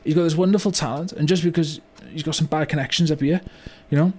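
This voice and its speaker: An actor playing a remorseful older British business owner in a comedy monologue, with a rambling delivery full of "you know" and "right?". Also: male voice, on the high side, steady tone, fast, darkish tone, lightly acted. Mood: rueful. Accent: British English. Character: remorseful older male car yard owner, blunt. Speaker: business owner telling a story. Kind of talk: mock-documentary comedy monologue.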